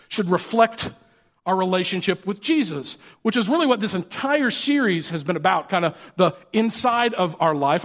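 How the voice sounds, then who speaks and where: A man, a pastor and parent, preaching a conversational sermon in a lively, joking way. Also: sits high. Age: adult parent.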